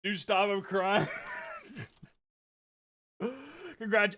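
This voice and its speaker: Reacting to a football game on a live stream, a young man whoops, hollers and hypes in a high, bright voice gone hoarse from yelling. Between shouts he chats loosely with his viewers at a normal speed.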